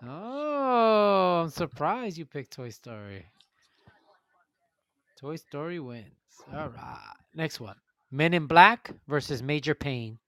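Smooth-voiced man hosting a group vote. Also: a little high, lively intonation, slow, a bit bright, dry recording. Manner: calls out options and tallies votes, upbeat. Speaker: host running a movie vote. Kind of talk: casual group voice chat.

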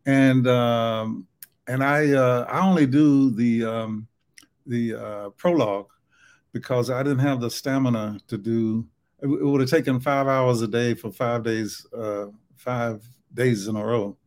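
Relaxed Southern-accented man mumbling. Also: medium pitch, a little slow. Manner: relaxed, mumbles some words, laughs often. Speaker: author guest. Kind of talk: podcast interview.

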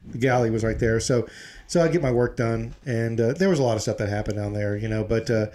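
A man's voice: mid-range voice, quick pace, mellow. A man in his fifties, a Coast Guard veteran, telling rambling stories in casual chat with a friend, checking in with "right?" tags.

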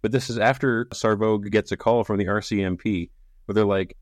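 A man co-hosting a casual book podcast, wry and quick to laugh as he retells scenes. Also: lowish voice, fairly even intonation, no echo, studio quality. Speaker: podcast co-host. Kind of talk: casual book-club chat.

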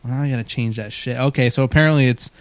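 A man's voice: medium pitch, rapid-fire. Guy in his twenties hosting a basement podcast, swears, laughs, rambles. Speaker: podcast host. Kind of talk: crude casual chat.

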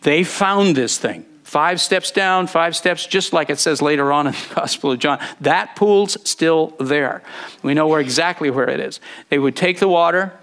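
A man's voice: fairly high pitch, normal speed, a bit bright. A man preaching a sermon, earnest and rising to fervent scripture readings.

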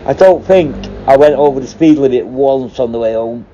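Middle-aged bloke, ex-prison officer, sweary rambling storyteller; mellow dark voice, dull lo-fi recording. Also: male voice, medium pitch, moderate pace, slight background noise. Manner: sweary, rambling, laughs at his own stories. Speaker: former prison officer and hostage negotiator. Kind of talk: casual storytelling.

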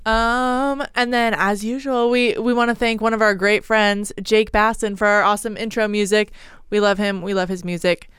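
A woman's voice: mid-range voice, steady tone, moderate pace, a bit bright, clean tone, no echo, clean studio sound. A woman co-hosting a podcast in casual chat, playful and teasing, often laughing. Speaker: podcast co-host.

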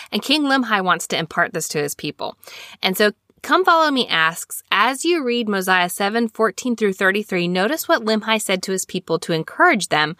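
Bright-voiced chatty woman from Alabama. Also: medium pitch, no echo, clean studio sound. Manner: chatty, rambling storyteller with asides. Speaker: scripture study podcast host. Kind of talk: casual scripture lesson.

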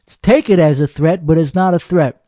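A man's voice: fairly high pitch, a little fast, dark tone, dry recording, close to an everyday voice. A man playing a hot-headed, boastful comedian who hosts a podcast, ranting with heavy profanity and rambling, belligerent talk. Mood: angry ranting. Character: hot-headed, foul-mouthed, boastful male comedian host. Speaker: podcast host. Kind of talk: comedic character monologue.

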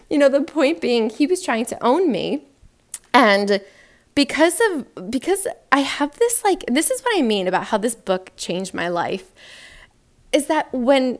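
A young woman with a slightly high-pitched voice talks alone into a podcast mic. She is frank and animated. She laughs easily as she goes. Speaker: podcast host. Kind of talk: solo podcast monologue.

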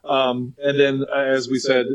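A man's voice: mid-range voice, monotone, unhurried, dull audio. A man hosting a casual in-person podcast, loose and swearing as he chats. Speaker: podcast host. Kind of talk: casual group chat. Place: shared room, in person.

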